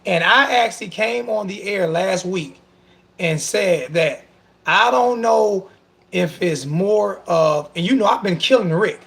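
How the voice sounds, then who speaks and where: A man hosting a casual sports talk show, animated and emotional, sarcastic and repeating himself as he talks. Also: sits high, unhurried, vocal fry.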